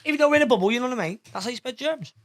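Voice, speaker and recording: A man with a very high voice, chatting loosely on a comedy podcast. He teases and keeps breaking into fits of laughter. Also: animated, rapid-fire, fairly bright tone, slight background noise. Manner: laughs hard and often, teasing. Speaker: podcast co-host. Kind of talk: casual comedy podcast banter.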